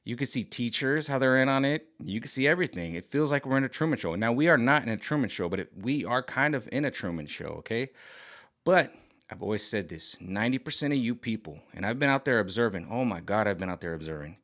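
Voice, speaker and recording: Animated and quick, this middle-aged vlogger has a medium-pitched, slightly bright voice. His monologue rambles and sounds agitated, full of repetition, frequent restarts, and sarcastic impressions of other voices.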